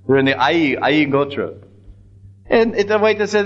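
A man telling a devotional story as a sermon, animated, with frequent restarts and acted-out voices. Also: a little high, a little slow, poor audio. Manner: animated retelling with many restarts. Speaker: religious storyteller.

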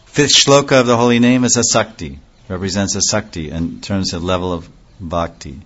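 A man with a fairly low voice delivers a devotional talk. He keeps it conversational, firing off rhetorical questions and answering them. The recording sounds dull and lo-fi. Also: moderate pace, fairly bright tone. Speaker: religious speaker. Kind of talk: devotional lecture.

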